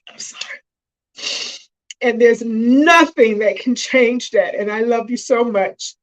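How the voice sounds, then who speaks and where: A middle-aged woman talks to her viewers through her phone during a live stream, her voice heartfelt and at times close to tears. She speaks directly to the people watching, pausing to compose herself before going on. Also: fairly high pitch, rough recording. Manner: emotional, choking up and apologizing; warm, addresses viewers directly. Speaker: host of a self-help live stream.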